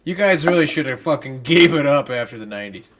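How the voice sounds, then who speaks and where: A man hosting a loose, casual podcast. His voice sits a little high, and he rambles playfully, swearing along the way. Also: lively intonation, quick pace, very noisy. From Wisconsin, United States. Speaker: podcast host.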